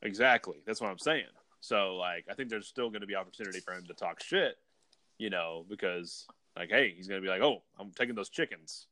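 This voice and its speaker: A man in casual podcast chat, animated and quick to laugh. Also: deep voice, dry recording.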